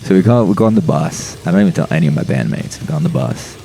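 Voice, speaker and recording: A man's voice: low-pitched, very animated, very fast, creaky, mellow, slight background noise. A man, a podcast guest, telling a rambling, profane story in casual chat and laughing as he goes.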